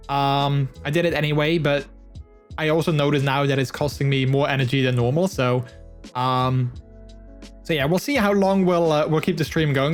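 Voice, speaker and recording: Guy streaming, kinda high voice, laughs a lot, um-heavy chat, faint music behind. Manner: chatty, laughs often, many fillers. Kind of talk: casual live-stream chat.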